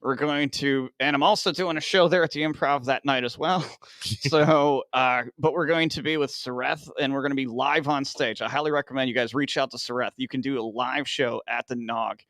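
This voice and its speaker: A man's voice: mid-range voice, fairly even intonation, moderate pace, fairly bright tone, dry recording. A man from Northern Illinois, in his thirties, co-hosting a podcast with casual, profane, self-mocking jokes. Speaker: podcast co-host.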